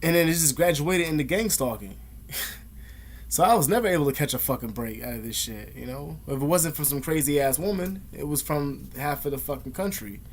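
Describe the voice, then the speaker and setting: Talking to camera, a young male vlogger casually tells a personal story, full of slang, swearing and fillers. His voice is on the high side, with lively intonation and a slightly fast pace.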